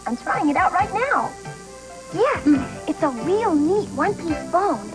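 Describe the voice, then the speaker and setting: A woman's voice: big pitch swings, unhurried, full character voice, rough recording. A woman playing a chirpy teen girl in an old ad. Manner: high, sing-song, slightly put-on accent. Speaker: voice in a retro phone commercial. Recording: old TV ad with music behind.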